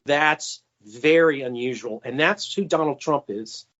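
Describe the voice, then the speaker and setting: In a muffled recording, a man speaks a little slowly with a fairly bright tone. Formerly a White House stenographer, he answers an interviewer with insider anecdotes, casual fillers and quoted asides, pitching his voice up for the quotes.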